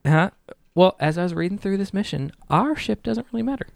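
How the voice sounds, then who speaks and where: A man's voice: high voice, lively intonation, fairly quick, gravelly, no room sound. A man running a tabletop role-playing game, speaking as the ship's captain and hesitating often with "uh". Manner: hesitant, many "uh" fillers. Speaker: game master voicing the captain.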